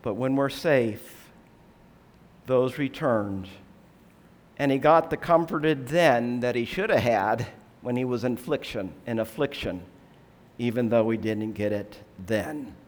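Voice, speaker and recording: A man preaching a sermon, explaining scripture in a measured, earnest way and asking rhetorical questions. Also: mid-range voice.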